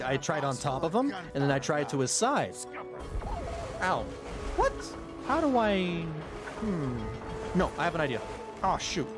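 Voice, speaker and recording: A man chats his way through a game stream, joking and exclaiming as he plays. His delivery is slow but his pitch swings widely. Game music plays faintly beneath him. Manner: chatty, joking, exclaims often. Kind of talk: casual live-stream commentary.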